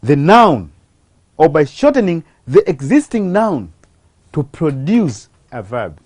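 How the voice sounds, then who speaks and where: Slow grammar teacher on tv, voice going up and down a lot, dry close sound. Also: mid-range voice, sing-song, a little mellow, dry recording. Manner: slow, deliberate, asks rhetorical questions. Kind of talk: televised English grammar lesson.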